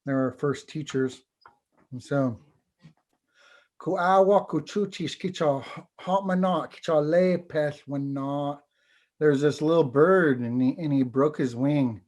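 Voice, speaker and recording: A man, a teacher and storyteller, telling a folk tale over a video call in an unhurried, halting way. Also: on the high side, a little mellow. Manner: unhurried, halting, repeats words. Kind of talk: oral storytelling.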